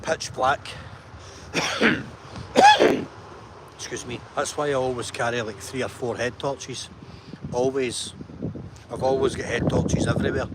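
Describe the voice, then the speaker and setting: A man's voice: medium pitch, fairly even intonation, unhurried, long pauses, very noisy. A man vlogging to camera, chatty and enthusiastic, often checking in with "right?". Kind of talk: walking vlog talk to camera.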